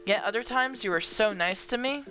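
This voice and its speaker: A woman's voice: a little high, normal speed, lightly acted. A woman voicing an insecure, volatile young woman partner in a visual novel, defensive and explosive, her voice cracking. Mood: hurt. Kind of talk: reading visual novel dialogue aloud. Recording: phone-like line with music behind.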